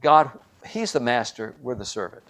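An older man preaching a sermon and telling a story, swinging between loud, dramatic lines and hushed ones. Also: mid-range voice, big pitch swings, moderate pace. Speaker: pastor.

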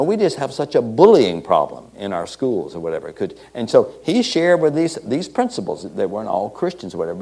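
Male preacher, lowish voice, halting storytelling sermon with frequent fillers and restarts. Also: dark tone, slightly rough. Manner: halting, many fillers and restarts, quoting scripture.

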